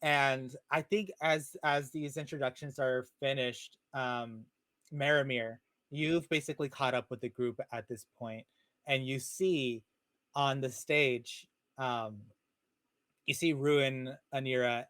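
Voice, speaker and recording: A man narrates a tabletop game as its game master in a relaxed, rambling way, full of fillers. His voice sits in the middle range, and the sound is dry and close, as on a video call. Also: medium pitch, takes it slowly, dry recording. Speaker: dungeon master.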